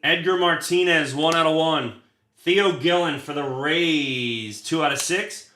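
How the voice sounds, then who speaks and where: Man, card break host, casual and profane, crisp bright tone, roomy echo, rattles off names. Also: fairly high pitch, unhurried. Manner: chatty, swears freely, rattles off card lists. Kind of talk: casual livestream chat while opening cards.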